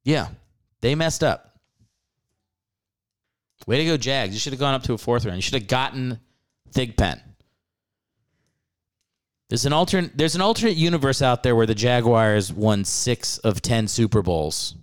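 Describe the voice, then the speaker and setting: A man hosting a comedy podcast with a smooth, resonant voice. His pitch swings widely as he rants about sports, swearing freely and breaking into laughter often. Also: expressive, measured pace, pauses often. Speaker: podcast host. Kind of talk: casual comedic sports rant.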